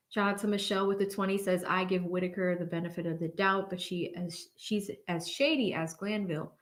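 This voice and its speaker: A woman hosting a casual livestream from a home studio, chatting, laughing often and thanking viewers by name as she reads their messages. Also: on the low side. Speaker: livestream host reading superchats. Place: home studio with blue backlight.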